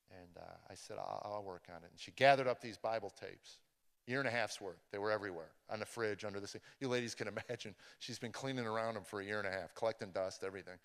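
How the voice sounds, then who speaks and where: A man's voice: sits low, gravelly. Man telling a testimony in an echoing hall. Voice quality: stammers and restarts, storytelling, rising to excited intensity. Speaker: speaker giving a testimony. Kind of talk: testimony to a live audience. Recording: long hall reverb.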